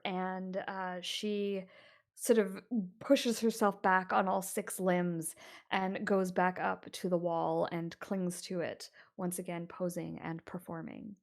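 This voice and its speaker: Slow-talking woman game master. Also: mid-range voice, little pitch movement. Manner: unhurried descriptive narration with fillers. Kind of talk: narrating a tabletop horror game.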